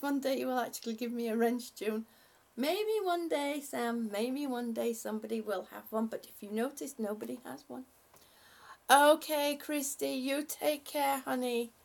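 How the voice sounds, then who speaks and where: A woman with a high-pitched, creaky voice reads viewer comments aloud on a live stream and thanks people. She is emotional, laughs often, and sounds a little short of breath.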